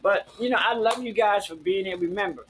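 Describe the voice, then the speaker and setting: A man's voice: high voice, a little fast, a bit bright, slight background noise, low-quality recording. A man, hosting a casual live-stream chat in a sassy, flamboyant way, swearing freely and calling everyone girl and honey. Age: 50s. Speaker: host.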